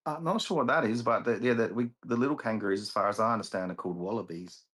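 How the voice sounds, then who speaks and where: A laid-back Australian man with an Australian accent, chatting casually on a live stream. His voice sits very low and has a husky grain. He tells stories easily and chuckles often. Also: fast, a bit bright, low-quality recording. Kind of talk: casual chat.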